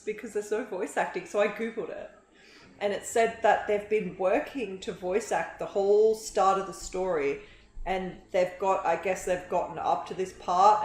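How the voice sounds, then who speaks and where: A woman's voice: lowish voice, a little mellow, slight background noise. A young woman streaming a game, chatting in a rambling, giggly way. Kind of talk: casual live-stream chat while gaming. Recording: roomy, echoey room sound.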